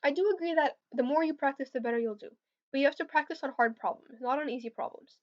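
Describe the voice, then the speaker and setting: A woman's voice: high voice, fast talker. A young woman answering viewer questions about competitive programming on a casual livestream, hesitant with lots of fillers. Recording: slightly dull lo-fi stream audio.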